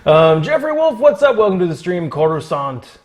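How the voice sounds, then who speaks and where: A man's voice: high voice, slight background noise. A young man from Florida hosting a casual cooking livestream from his home kitchen, joking with his chat and reading out their names. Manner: jokey, talks to chat, reads out names.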